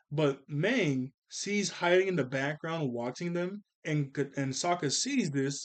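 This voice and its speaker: A man reviewing a cartoon episode in a casual, rambling way, laughing often and checking that listeners follow him. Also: a little high. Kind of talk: casual commentary.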